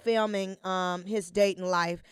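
A young woman, co-hosting a casual chat show, telling stories loudly with acted-out quotes and lots of laughter. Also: medium pitch, fairly even intonation, measured pace, clear, resonant tone, no room sound, clean studio sound. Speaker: podcast co-host.

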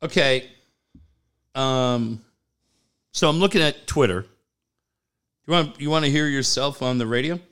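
A man's voice: mid-range voice, a little slow, pauses often, a bit bright, clear, resonant tone. A man co-hosting a casual radio podcast, talking in a blunt, profane way. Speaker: co-host.

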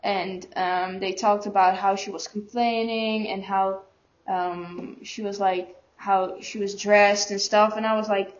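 Dutch girl telling her story, stops and restarts a lot, kinda monotone, dull lo-fi sound. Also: medium pitch, a little hiss or hum. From Netherlands. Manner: halting, searching for words. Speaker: student guest. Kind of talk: casual personal storytelling. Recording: dull lo-fi recording.

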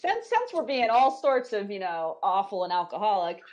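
A woman's voice: mid-range voice, big pitch swings, moderate pace, darkish tone. A woman hosting a podcast, chatting casually, laughing often and swearing freely. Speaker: podcast host. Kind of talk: casual chat.

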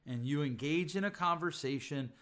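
A man's voice: on the high side, normal speed, fairly bright tone. Emphatic man teaching in a solo podcast. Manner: emphatic, repeats lists and rhetorical questions. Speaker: podcast host, relationship speaker.

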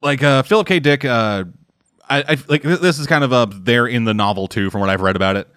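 Man chatting casually, mid pitch, swearing, rambling, lots of fillers, dry close sound. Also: fairly quick, fairly bright tone, no room sound. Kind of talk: casual chat.

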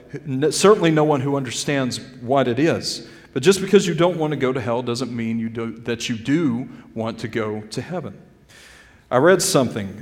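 A male pastor preaching a sermon earnestly, calling his listeners "folks" and swinging between loud emphasis and quiet drops. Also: medium pitch, in a large hall. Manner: addresses the congregation directly as "friends" and "folks". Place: church sanctuary.

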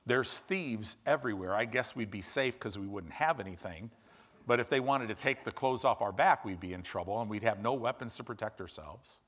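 Male preacher acting out fretful disciples, low, hushed, grumbling; sermon aside. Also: a little fast. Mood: worried. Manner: worried, complaining.

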